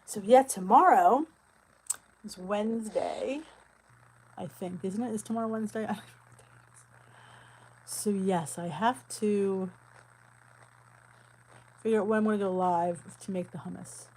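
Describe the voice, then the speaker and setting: A woman's voice: mid-range voice, unhurried, long pauses, a little mellow, breathy edge, low-quality recording. Chatty middle-aged woman host. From New Jersey. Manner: chatty, laughs often, answers viewer comments. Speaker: weight loss channel host. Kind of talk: casual live-stream chat.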